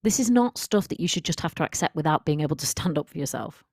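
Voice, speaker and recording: A woman with a low voice coaching listeners on a solo podcast. She talks in a direct, emphatic, conversational way. The sound is close and dry, with no room echo. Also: lively intonation, quick pace, husky. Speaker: confidence coach.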